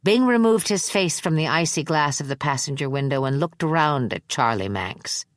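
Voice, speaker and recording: Female audiobook narrator, deep register, measured delivery, dry close recording. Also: no echo. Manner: measured, even storytelling. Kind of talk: scripted narration.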